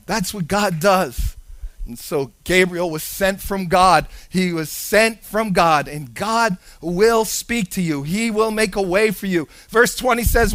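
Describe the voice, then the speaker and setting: A male preacher delivering a sermon, animated, shifting between hushed and loud with sing-song emphasis. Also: sits high, slow pace, dry recording.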